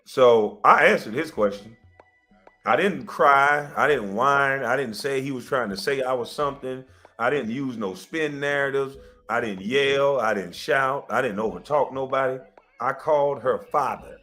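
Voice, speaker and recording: A man's voice: medium pitch, a little slow, pushed and bright, faint music behind. A man hosting a livestream, defiantly defending himself and insisting he keeps his receipts, repeating points for emphasis. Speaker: livestream host. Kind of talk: heated livestream rant.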